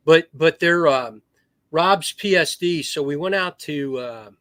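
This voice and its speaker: A middle-aged man talks through long military anecdotes with plenty of restarts and acted-out quotes. His voice sits a bit high for a man. The sound is very dry and close, with no room around it. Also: unhurried, fairly bright tone, dry recording. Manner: rambling war stories with restarts, acts out quoted voices. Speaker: podcast guest, retired Marine officer. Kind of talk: casual storytelling.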